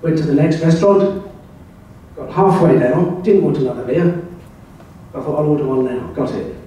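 An older man from England gives a club talk with slides and tells wry little anecdotes. His voice is mellow and a touch higher than most men's. It comes from far off in a very echoey room with faint hiss. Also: normal speed, muffled recording. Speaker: club speaker. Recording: very echoey room, voice heard from afar.

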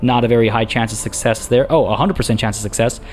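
A man's voice: medium pitch, steady tone, quick pace, a little mellow, a little hiss or hum. A man giving casual gameplay commentary, chatty and thinking aloud as he plays. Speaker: let's play gamer.

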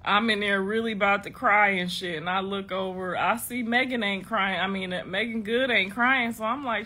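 A woman in her thirties from Ohio, telling a story in a casual, animated way, laughing often and swearing a lot. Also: mid-range voice, normal speed, few pauses. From Ohio, United States. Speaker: vlogger.

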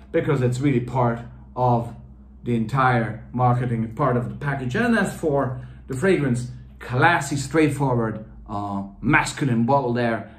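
Man, fragrance reviewer, rambling chatty delivery, fillers and restarts, roomy echo. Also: medium pitch. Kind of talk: casual video review.

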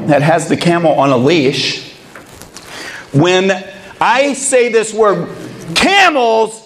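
High-voiced man telling a comic story. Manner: animated, comic storytelling with quoted dialogue. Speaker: baseball pitching coach. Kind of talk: motivational keynote storytelling.

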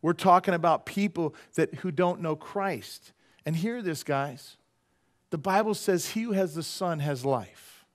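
A male pastor preaching a lively sermon in a slightly higher-than-usual voice. He talks in a conversational, joking way, punching some phrases loudly and dropping others to near-quiet asides. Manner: animated and conversational, swinging between loud emphasis and quiet asides; jokey, drops into quick playful voices.

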